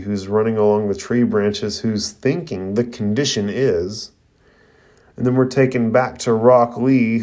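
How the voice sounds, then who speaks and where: A man's voice: fairly low pitch, darkish tone. A man reviewing an anime episode, retelling the scenes in casual recap narration. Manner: retelling scenes with "you know" and "uh" fillers.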